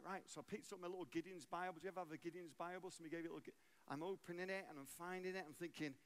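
A man from England giving a guest sermon in a church, telling stories with humor. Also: a little high. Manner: storytelling, lively and humorous. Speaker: guest preacher.

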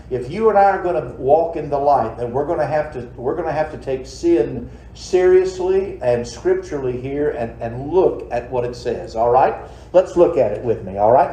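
A man's voice: on the high side, warm tone. A man preaching a midweek sermon in a folksy, conversational way, full of rhetorical questions to the congregation. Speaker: pastor. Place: church sanctuary. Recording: roomy church echo.

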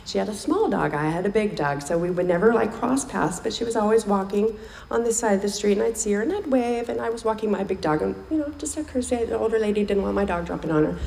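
Gravelly-voiced woman telling her recovery story. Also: medium pitch, lively intonation, quick pace, darkish tone. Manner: candid and emotional, repeating phrases for weight. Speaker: speaker sharing a recovery story. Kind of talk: personal testimony at a recovery meeting. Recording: echoey room, faint background noise.

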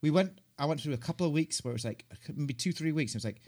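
A man in his thirties, a podcast co-host, exhausted from lack of sleep and telling stories in animated, chatty conversation. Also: on the high side, fast talker. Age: 30s. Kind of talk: casual chat.

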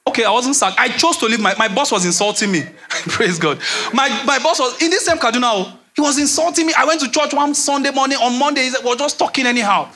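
A young Nigerian man preaching a sermon as pastor, animated, repeating phrases and dropping into a low voice to act out quotes. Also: quick pace, slight background noise.

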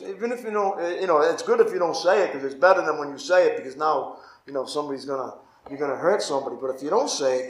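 A man's voice: fairly high pitch, slight background noise. A man, a pastor, teaching a Bible study in an informal, conversational way and often asking his listeners "right?". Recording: echoey room.

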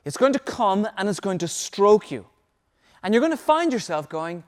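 A pastor with a high-pitched male voice gives an emphatic, very animated sermon at normal speed. He presses his points and repeats key phrases so the congregation can write them down.

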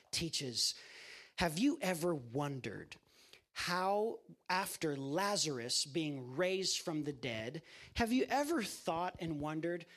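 A man's voice: fairly high pitch, a bit bright. A man preaching an impassioned sermon to a campus ministry, speaking directly to his listeners. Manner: impassioned, addresses listeners as guys.

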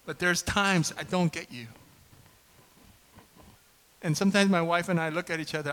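A man in his fifties preaching a sermon as pastor, conversational and animated, often asking the congregation questions. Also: on the high side, moderate pace, pauses often, rough recording. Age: 50s.

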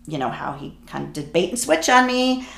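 A woman's voice: mid-range voice, sing-song, creaky, a bit bright. A woman talking casually and enthusiastically about books she loves, in a chatty way. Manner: chatty, enthusiastic, drawn-out phrasing. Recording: echoey room.

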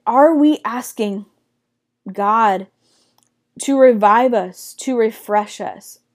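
A young woman teaches a casual Bible study in a chatty, conversational way. Her voice sits a bit on the high side. She acts out quotes with excited squeals.

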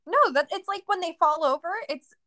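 Young woman, high voice, dry close sound, animated casual podcast chat, swears. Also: fairly quick, dry recording. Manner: animated, swears, laughs often. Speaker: podcast co-host.

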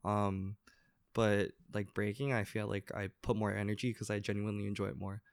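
Young man, low voice, dry close sound, easygoing slangy podcast guest. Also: brisk, creaky, no room sound. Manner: animated, slangy, lots of fillers. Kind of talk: casual chat.

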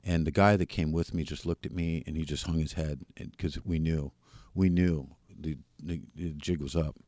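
A man, a podcast guest, candidly telling his personal recovery story in a plain-spoken, halting way with frequent restarts. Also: very deep voice, steady tone, dark tone, no echo, studio quality.

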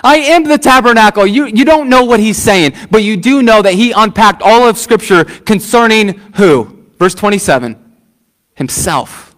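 Man, high voice, pastor, emphatic sermon, repeated phrases, rhetorical questions. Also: expressive, a little slow, a bit bright.

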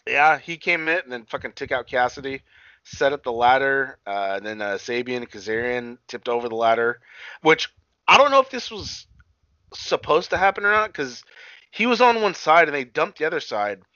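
A man's voice: medium pitch, sing-song, moderate pace, bright, forceful tone, no room sound, muffled recording. A man chatting casually as a co-host, rambling with lots of fillers, restarts and swearing. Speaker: podcast co-host recapping wrestling. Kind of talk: casual chat.

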